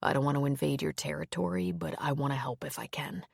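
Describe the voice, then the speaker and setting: A woman voicing Owen, a quiet and gentle grown man, in an audiobook, speaking softly and reassuringly. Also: fairly even intonation, fast talker, vocal fry, husky, no echo, studio quality, exaggerated voice. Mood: soothing. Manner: soft, reassuring, low-key. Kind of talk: audiobook character reading.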